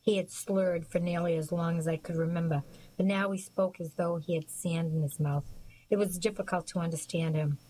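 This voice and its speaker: Measured woman audiobook narrator. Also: lowish voice, steady tone, mellow, poor audio. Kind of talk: scripted narration.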